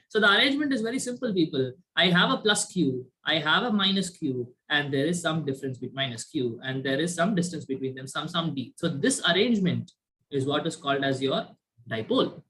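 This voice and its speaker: Male teacher on a video call, bright, forward voice, constant "right?" checks while lecturing. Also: high voice. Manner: quizzes students, frequent "right?" tag questions. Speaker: chemistry teacher. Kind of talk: online class lecture.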